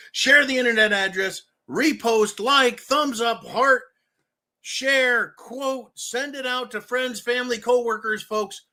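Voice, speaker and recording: A man hosting a livestream commentary show, talking in a loud, ranting way and laughing often. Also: sits high. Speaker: show host.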